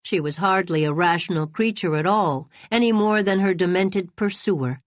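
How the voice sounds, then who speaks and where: A woman reading a novel aloud as an audiobook narrator, in an expressive, dramatic storytelling manner. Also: fairly low pitch, normal speed, no echo. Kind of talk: scripted narration.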